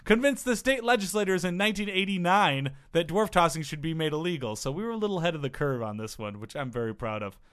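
A man's voice: a little high, animated, quick pace, hardly any pauses, a bit bright, clear, resonant tone. Jokey man reading an article aloud. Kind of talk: casual chat, reading from an article.

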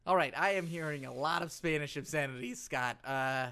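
A man co-hosting a comedy podcast, playing a faux-serious interviewer with a deadpan delivery and many hesitant fillers. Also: a little high, normal speed, clean tone. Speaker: podcast co-host. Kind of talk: comedic mock interview and banter.

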